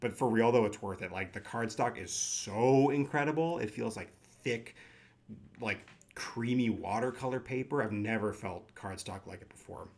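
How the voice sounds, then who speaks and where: A man chatting casually in a vlog, animated and gushing, with self-mocking asides. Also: fairly low pitch, normal speed, gravelly. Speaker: tarot deck collector.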